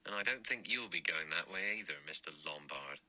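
A man's voice: extremely low pitch, animated, moderate pace, sharp tone, full character voice, poor audio. A man reading an audiobook voices a blunt, cynical ex-police inspector with dry, emphatic delivery.

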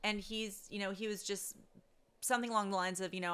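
Bright toned woman telling a story, keeps cracking up, swears a lot, does little voices for the people in it. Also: a little high, moderate pace, clear, resonant tone. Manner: laughs often while telling, swears casually; acts out quoted speech. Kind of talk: casual storytelling to listeners.

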